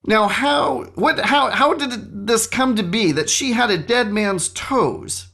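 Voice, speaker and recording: A man hosting a solo podcast, telling a story in an animated, self-mocking way into a studio microphone. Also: high voice, slow. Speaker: podcast host.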